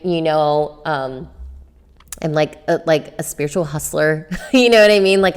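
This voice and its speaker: Young woman host, casual solo podcast, rambling and chatty, lowish voice. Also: smooth. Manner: chatty, lots of fillers, self-coaching. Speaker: podcast host, tattoo artist.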